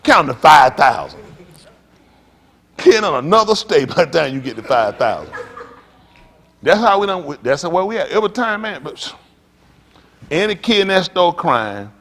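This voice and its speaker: A man preaching a sermon as pastor, telling stories with loud outbursts. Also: a little high, normal speed, pauses often. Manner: animated preaching with storytelling, loud outbursts and laughs.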